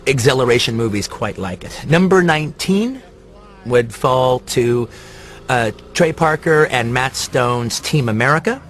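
A man talks through his favorite films in a rambling, enthusiastic way. His voice sits at a middle pitch, with faint room ambience behind it. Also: a bit bright, slight background noise. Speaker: film commentator. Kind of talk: casual film list commentary.

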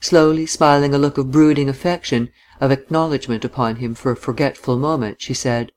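A narrator reading a novel aloud in a measured, even way. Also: medium pitch.

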